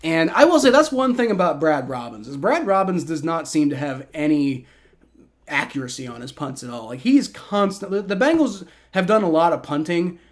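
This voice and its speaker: Male streamer, high voice, rowdy live play-by-play reactor who talks to chat. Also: moderate pace. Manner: excitable, swears and shouts at bad plays, chats with viewers. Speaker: livestream host.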